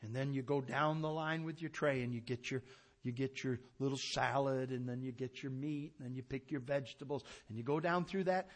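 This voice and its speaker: A man preaching a sermon with fervor, swinging from loud to hushed. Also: fairly high pitch.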